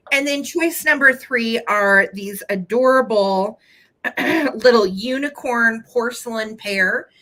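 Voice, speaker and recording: A woman's voice: fairly high pitch, a bit bright, rough recording. A woman hosting a vintage live sale, chatting playfully as she describes small collectibles. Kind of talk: casual live sale chat.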